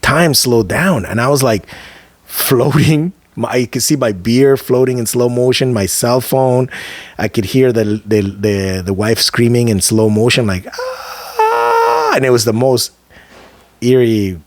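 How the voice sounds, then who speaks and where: A man co-hosting a podcast, telling a personal story in a loose, conversational way, with slang asides and dramatic slowdowns at key moments. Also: mid-range voice, a little mellow, no room sound. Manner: vivid, emphatic storyteller who slows down for dramatic moments. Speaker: podcast co-host. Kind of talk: casual storytelling chat.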